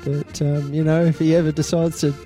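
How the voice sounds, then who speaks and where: A man's voice: a little high, little pitch movement, a little fast, mellow, soft background music. Man with dry playful quips on a podcast. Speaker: podcast co-host. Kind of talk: casual chat.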